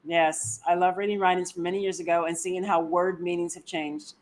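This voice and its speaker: A woman's voice: fairly low pitch, fairly even intonation, fairly quick. Enthusiastic woman reading out viewer comments. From United States. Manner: enthusiastic, exclamatory. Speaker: co-host of a travel live stream. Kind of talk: casual live-stream chat, reading viewer comments.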